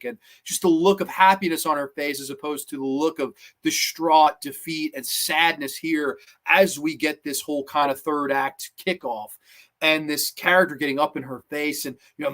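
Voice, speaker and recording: A man's voice: on the high side, steady tone, moderate pace, fairly bright tone. A man hosting a livestream horror movie review, rambling enthusiastically and reading chat messages. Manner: enthusiastic, rambling fan talk.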